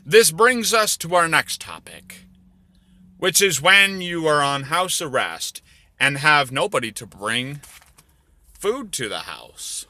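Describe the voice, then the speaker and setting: A man telling crude comedy stories in a rambling way, with deadpan asides. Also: on the high side, takes it slowly, dry recording. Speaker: storyteller. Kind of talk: crude comedic storytelling over drawings.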